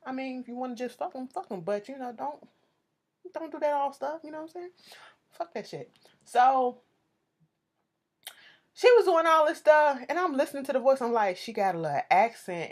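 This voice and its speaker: A woman giving a casual, profane TV recap, sassy and animated, talking straight to her viewers. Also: lowish voice. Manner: sassy, animated, swears freely, addresses viewers directly. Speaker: TV show recapper.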